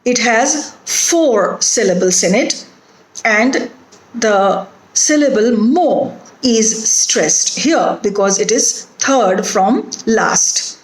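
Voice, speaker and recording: A woman with an Indian English accent giving a recorded phonetics lecture, speaking deliberately and spelling out letters one by one. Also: fairly high pitch, lively intonation. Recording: echoey room.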